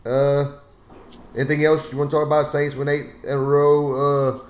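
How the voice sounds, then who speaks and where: A man's voice: a little high, monotone, moderate pace, reverberant. A man hosting a casual sports podcast, laid-back and teasing, swearing freely as he ribs his co-hosts. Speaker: podcast host.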